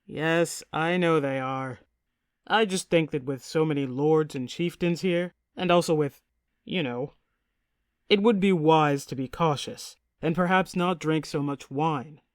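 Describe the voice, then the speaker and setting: A woman reads a nervous young prince in a storybook, earnest and measured, his voice a touch lowered. The sound is dry and close. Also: no echo. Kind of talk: audiobook character reading.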